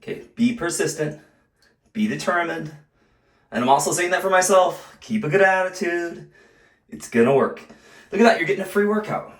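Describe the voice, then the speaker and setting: Somewhat out of breath from exertion, a middle-aged home repair host walks the viewer through a bathroom job with jokes and reassurance. His voice is high, expressive and fairly quick, with a fairly bright tone, and it's captured from a distance in an echoey space, away from the mic.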